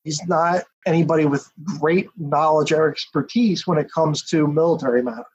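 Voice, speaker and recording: Husky, higher-pitched man explaining at length. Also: normal speed. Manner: detailed, steady storytelling with asides. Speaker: author and historian guest. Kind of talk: podcast interview, explaining history. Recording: dull lo-fi audio.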